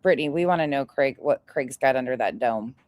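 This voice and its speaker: A woman's voice: very deep voice, fairly quick, darkish tone. A woman hosting a reaction commentary, talking in a sarcastic, blunt and profane way. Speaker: commentary channel host.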